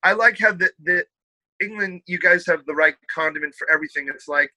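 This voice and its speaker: A man chatting casually on a podcast, an animated storyteller who slips into other voices. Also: high voice, brisk, dry recording, poor audio. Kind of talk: casual chat.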